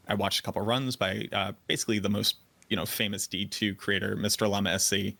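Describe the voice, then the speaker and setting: A man's voice: lowish voice, steady tone, fairly quick, creaky, few pauses, sharp tone. A man from the North Shore of Boston with a light Boston accent, a guest telling stories in a chatty, self-deprecating way on a casual podcast. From North Shore of Boston, USA. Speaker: guest content creator.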